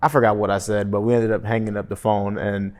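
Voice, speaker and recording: A young man talking casually to his vlog audience, often tagging his points with "right?" and calling himself monotone. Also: lowish voice, fast. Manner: conversational, frequent "right?" tag questions, self-described monotone. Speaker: real estate wholesaler and vlogger. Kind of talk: casual motivational vlog talk.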